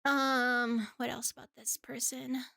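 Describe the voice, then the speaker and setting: A woman streamer chats casually with her audience. She giggles often and rambles with many restarts. Her voice sits a little high, and the close mic sounds dry. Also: level tone, takes it slowly, vocal fry, bright, forceful tone, dry recording. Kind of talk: casual live-stream chat.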